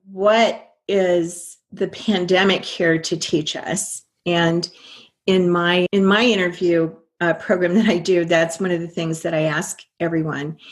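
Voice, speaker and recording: An older woman, a guest in an interview, telling her story earnestly and quoting her own past thoughts. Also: lowish voice.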